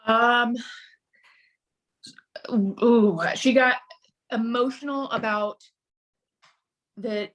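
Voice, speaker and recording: Halting mother telling a painful story. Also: a little high, fairly even intonation, fairly bright tone. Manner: halting, many restarts. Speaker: guest. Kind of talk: emotional personal storytelling.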